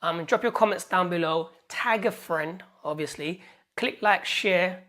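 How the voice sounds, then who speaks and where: A British woman hosting a casual film review vlog, excitable and rambling, with lots of fillers and restarts. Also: lowish voice, a little slow. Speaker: YouTube host.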